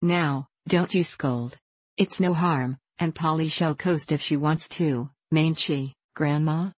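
A woman's voice: low voice, slow pace, darkish tone, no echo, full character voice. A woman reading the part of a blunt, good-hearted teenage boy in a storybook. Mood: bluff. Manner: bluff, gruff.

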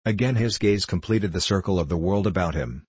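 A man reads a story aloud in a measured, even way. His voice sits very low with a husky grain, and the sound is close and dry with no room around it. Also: dry recording. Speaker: audiobook narrator. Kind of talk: scripted narration.

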